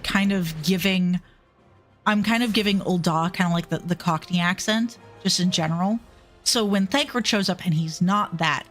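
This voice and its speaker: A woman streamer chatting casually while she plays, self-deprecating and swearing freely. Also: mid-range voice. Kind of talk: casual gameplay chat.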